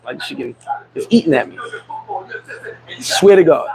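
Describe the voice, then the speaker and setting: A man's voice: on the high side, animated, moderate pace, creaky, noisy background. A middle-aged man hosting a vlog, telling a candid personal story in a streetwise way, restarting and repeating himself. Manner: streetwise, repeats and restarts, frequent "you know what I'm saying". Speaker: vlog host. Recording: loud crowd chatter behind.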